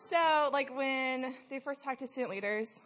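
A woman's voice: high voice, moderate pace, fairly bright tone. Young woman sharing a candid testimony. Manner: candid and conversational, often says "like". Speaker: student leader giving a message. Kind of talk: personal testimony talk at a youth service.

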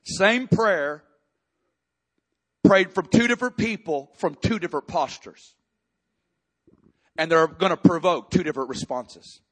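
Male pastor, high-pitched voice, impassioned sermon delivery that swells into shouts. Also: unhurried, pauses often. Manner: impassioned preaching, rising to shouts in emotional passages.

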